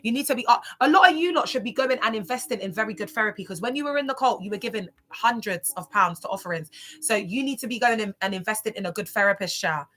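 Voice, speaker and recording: A woman chatting casually on a livestream, animated and chatty, reacting to viewer comments. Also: medium pitch, quick pace.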